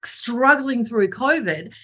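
A woman in her forties, a podcast guest talking candidly over a video call, animated and self-mocking as she tells her story. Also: fairly high pitch, takes it slowly, husky. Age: 40s. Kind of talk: candid conversational interview.

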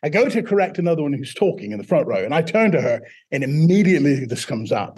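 A middle-aged Mississippi man, whose British-sounding accent comes from foreign accent syndrome, tells his story as an interview guest and voices the people he quotes. His slightly rough, darkish voice runs high and sing-song, fast, with hardly any pauses.

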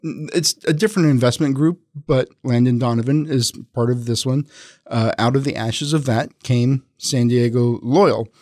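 A man's voice: medium pitch, moderate pace, darkish tone, no echo, studio quality. A man, a reporter and podcast host, talking as a guest in casual chat, with many restarts and fillers.

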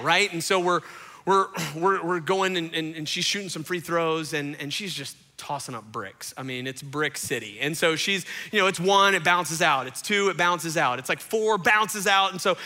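A middle-aged pastor preaching a sermon from a church stage, telling stories with big swings between loud bursts and hushed asides. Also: male voice, a little high.

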